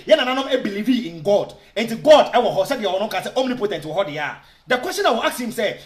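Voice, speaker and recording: A man's voice: very high-pitched, expressive, moderate pace, roomy sound. A Ghanaian man giving argumentative video commentary, switching between Twi and English and firing off rhetorical questions. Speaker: online commentator.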